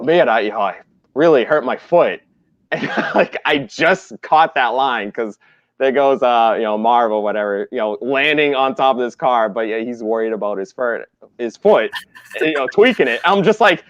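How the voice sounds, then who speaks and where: A man's voice: medium pitch, animated, moderate pace, fairly bright tone, no echo. A man, a movie critic, chatting casually on a livestream in a laid-back, rambling way. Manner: laid-back, rambling with fillers like "you know". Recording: slightly muffled lo-fi audio.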